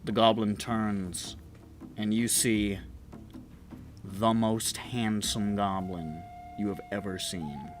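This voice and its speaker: A man's voice: fairly low pitch, fairly even intonation, slow pace, pauses often, soft background music. A man narrating a tabletop game as game master, casual and profane with frequent laughs.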